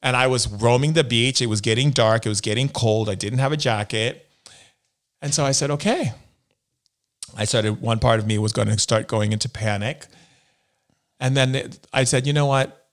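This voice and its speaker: A man from the United States, a spiritual healer appearing as an interview guest, tells stories in conversation and acts out the voices he quotes. His voice is mid-range and his speed normal.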